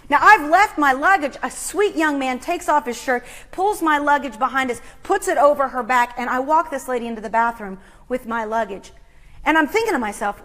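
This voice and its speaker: A middle-aged woman hosting a motivational talk, telling a story with dramatic swings from hushed to loud. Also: high-pitched. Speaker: host.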